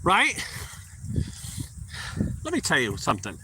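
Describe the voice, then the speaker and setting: Animated man telling a work story. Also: on the high side, normal speed, noisy background. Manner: animated, swearing, acts out both sides of conversations. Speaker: junk removal business owner. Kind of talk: casual vlog storytelling. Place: outdoors by a property. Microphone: phone held by speaker.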